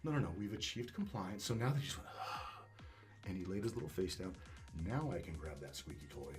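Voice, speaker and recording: A man's voice: sits low, expressive, fast talker, a little mellow, soft background music. A man speaking as a dog trainer being interviewed, talking casually and emphatically, swearing and repeating words as he restarts.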